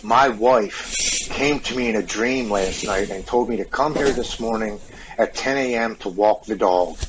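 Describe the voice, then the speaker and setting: Brief: a man doing a kind older father, gentle and reassuring, lowish voice. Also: unhurried, noisy background, close to an everyday voice. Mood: earnest. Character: older man, a dead friend's kindly father.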